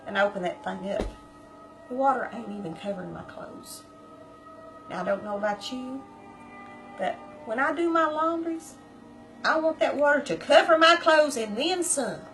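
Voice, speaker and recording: A woman spins a casual story for her viewers in a folksy, chatty manner, animated as she goes. Her voice sits a little higher than most. Faint music plays underneath. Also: moderate pace, long pauses, low-quality recording. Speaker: vlogger.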